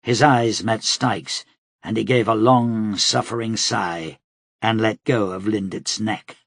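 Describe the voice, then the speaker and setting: A male audiobook narrator reading in a slow, steady, dramatic way. His voice is gravelly and husky, and the recording sounds dry and close. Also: on the low side, no echo. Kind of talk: scripted narration.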